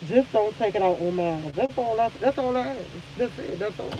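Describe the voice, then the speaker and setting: A tired woman hosts a casual live stream, venting emphatically and repeating herself. Clear vehicle noise runs under her voice the whole time. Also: mid-range voice, expressive, moderate pace, lo-fi sound. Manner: emphatic, repetitive venting with swearing.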